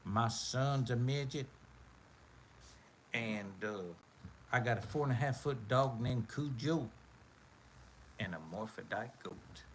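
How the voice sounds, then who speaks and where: A man voicing a big, gruff male bus driver who tells tall tales, in a folksy, matter-of-fact drawl. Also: mid-range voice, slow pace, long pauses, slight background noise, lightly acted.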